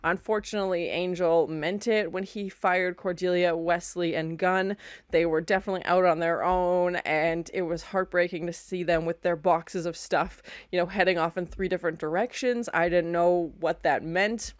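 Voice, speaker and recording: Young woman, reaction video host, casual review talk, lowish voice, dry close sound. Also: normal speed, dry recording. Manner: exclaims often, then talks at length in an even, thoughtful way.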